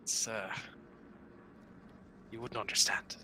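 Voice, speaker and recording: A man playing a tabletop game, speaking hesitantly and filling pauses with "uh". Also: crowd noise, rough recording. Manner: hesitant, full of fillers. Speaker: player. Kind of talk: casual tabletop play.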